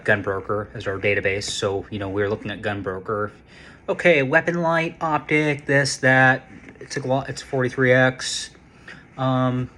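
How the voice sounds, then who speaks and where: A man talks to camera in a loose, rambling way, often restarting his sentences and throwing in curses for emphasis. His voice has a bright, forward edge, pitched at an ordinary middle height for a man. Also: slight background noise. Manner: rambling, restarts often, excited and profane about guns. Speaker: vlogger, casino security worker. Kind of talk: casual storytelling vlog.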